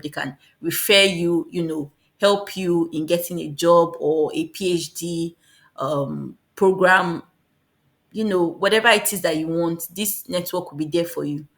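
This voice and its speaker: A woman giving a casual, fast explainer on applying for a scholarship, often repeating and correcting herself. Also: fairly low pitch. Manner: fast, repetitive, self-correcting. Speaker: scholarship guide vlogger.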